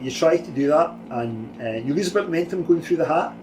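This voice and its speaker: A man narrating as game master, describing outcomes in a calm, matter-of-fact way. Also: a little high, quick pace, over loud music, rough recording.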